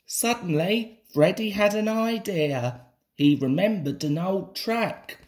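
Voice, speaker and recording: A man reading a children's picture book aloud in an expressive, sing-song way. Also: high voice, slow pace. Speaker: storybook reader.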